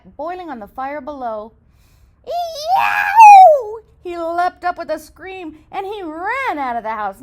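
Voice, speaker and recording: A woman reading a children's story aloud in an expressive, sing-song storytelling manner. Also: sits high.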